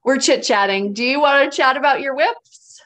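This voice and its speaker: A woman's voice: high-pitched, normal speed, a bit bright. A woman hosting a casual knitting podcast, chiming in and prompting her guest with questions. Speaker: podcast host.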